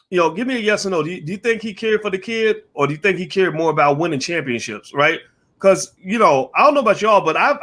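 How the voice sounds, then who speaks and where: A man hosting a casual online panel discussion, animated, putting questions to his panelists and to the chat. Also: fairly high pitch. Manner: animated, asks the audience for yes or no votes. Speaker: host of a panel show.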